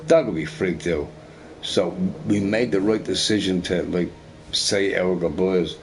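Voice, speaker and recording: A man's voice: low voice, unhurried, a little hiss or hum. Rambling, foul-mouthed man gaming. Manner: rambling, repeats himself, swears freely, lots of "you know, right?". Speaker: gamer recording gameplay. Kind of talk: casual storytelling over gameplay.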